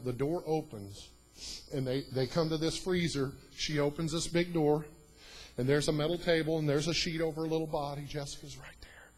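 A man preaching a sermon in a church, telling a story that swings from hushed, quiet lines to loud, emphatic preaching. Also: on the high side, low-quality recording.

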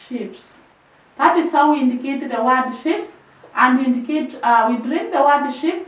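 A woman with a Kenyan accent teaching a shorthand lesson, repeating each drilled word several times and trailing off softer. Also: high voice. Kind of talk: classroom lesson, slow drilled repetition. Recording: very echoey room, voice from far off.

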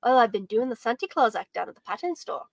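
A woman's voice: on the high side, very animated, fast talker, creaky, no room sound, heavily acted. A woman reading aloud as a cheerful, poor boy who chats eagerly in a folksy dialect. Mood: chatty.

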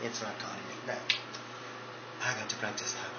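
A man's voice: on the low side, fairly even intonation, a little fast. A man casually chatting between his impressions, offhand and self-deprecating. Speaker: vlogger doing impressions. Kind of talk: casual chat. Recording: dull roomy recording with hiss.

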